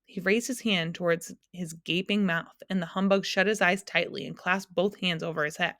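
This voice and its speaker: A woman teacher reading a children's novel aloud in an expressive storytelling manner. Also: fairly low pitch, normal speed, hardly any pauses, no room sound, studio quality.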